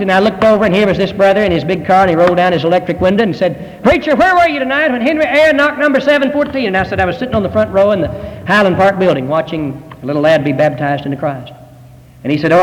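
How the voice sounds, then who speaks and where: Older preacher guy, pretty high voice, earnest storytelling, long echo like a church hall. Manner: earnest storytelling with rising emphatic phrases. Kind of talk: sermon.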